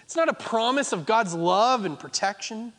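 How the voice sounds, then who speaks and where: A man's voice: high voice, expressive, moderate pace, a bit bright, in a large hall. A man preaching a sermon as pastor, driving points home by repeating phrases. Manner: emphatic, repeating phrases for effect.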